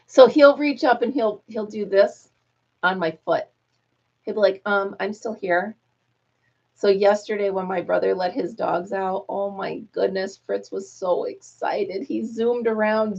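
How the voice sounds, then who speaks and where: A woman's voice: medium pitch, darkish tone, muffled recording. A woman hosting a casual live chat, talking freely with frequent laughs and cooing asides to her dog. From United States. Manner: chatty, laughs often, coos to her dog. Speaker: host.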